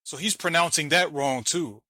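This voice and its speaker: A man's voice: on the high side, normal speed, sharp tone, no room sound, poor audio. A man hosting a reaction video, arguing and mocking while he explains letter by letter. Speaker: channel host reacting to a debate clip. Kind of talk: argumentative commentary.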